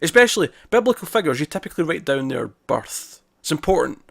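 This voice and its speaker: A man co-hosting a casual TV review podcast, talking in an animated, exasperated way and swearing now and then. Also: on the high side, brisk, vocal fry, no room sound, clean studio sound. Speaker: podcast co-host.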